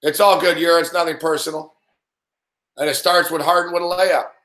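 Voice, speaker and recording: In an echoey room, a man hosts a live sports betting reaction stream, cursing and ranting as he yells at the games. His voice sits a little high, stays fairly flat in pitch, and moves at a fairly quick clip.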